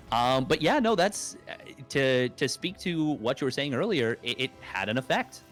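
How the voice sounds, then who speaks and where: A man's voice: mid-range voice, expressive, measured pace, a bit bright, soft background music. A young adult man casting an esports match in a casual, rambling way, with jokes and many fillers. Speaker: esports caster. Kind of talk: casual play-by-play commentary.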